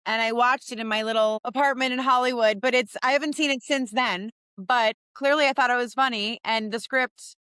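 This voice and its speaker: A woman in a casual interview, chatting and reacting with quick asides and frequent laughter. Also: on the high side, steady tone, pushed and bright, clean tone, no room sound. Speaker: actress and co-host.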